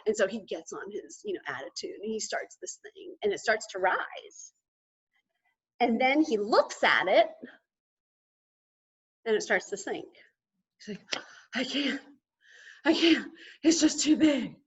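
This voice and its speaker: A woman giving an energetic motivational talk to a live audience, emphatic and often checking in with "okay?". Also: mid-range voice, a little slow, pauses often, breathy edge. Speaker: motivational speaker at a sales event.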